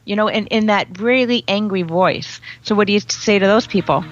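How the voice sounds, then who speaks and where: A woman's voice: mid-range voice, normal speed, few pauses, highs cut off. A woman co-hosting a talk show, asking questions in an eager, conversational way. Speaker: podcast co-host. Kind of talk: casual interview chat.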